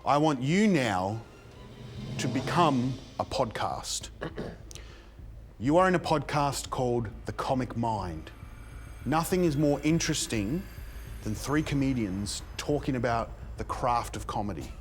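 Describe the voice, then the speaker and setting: A man's voice: medium pitch, expressive, unhurried. Pompous man host, light music. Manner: pompous, self-important lecturing. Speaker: comedy show host. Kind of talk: scripted mock-instructional comedy.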